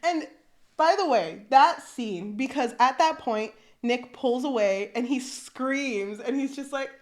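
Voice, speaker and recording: A woman's voice: high voice, lively intonation, slow pace. A young woman co-hosting a podcast, chatting casually and animatedly, swearing freely and acting out characters' lines. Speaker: podcast co-host. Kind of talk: casual chat.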